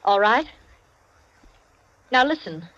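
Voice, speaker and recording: An actress playing a wealthy hostess who gives firm, clipped commands in 1940s radio drama acting. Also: female voice, fairly high pitch, expressive, takes it slowly, a bit bright. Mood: stern. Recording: muffled lo-fi old radio broadcast.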